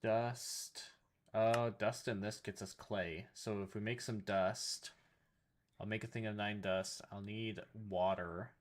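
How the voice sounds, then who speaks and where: A man's voice: lowish voice, steady tone, slow. A man streaming a game, talking casually to himself and his chat as he looks up recipes. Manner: muttering to himself while looking things up; addresses chat. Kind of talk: casual gameplay commentary.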